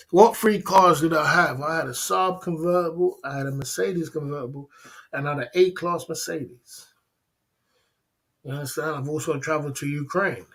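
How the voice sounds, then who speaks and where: A man's voice: on the high side, gravelly. A middle-aged man, hosting a livestream and lecturing his viewers bluntly in a casual, repetitive way. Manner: blunt and lecturing, repeats "you know what I'm saying". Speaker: livestream host.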